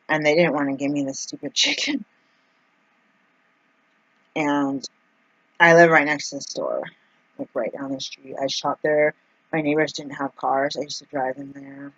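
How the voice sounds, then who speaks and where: A woman's voice: deep voice, moderate pace, pauses often, fairly bright tone, no room sound, lo-fi sound. A woman telling a personal story in a casual vlog, chatty and full of fillers, acting out the people she quotes. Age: adult, mother of two young kids. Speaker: vlogger.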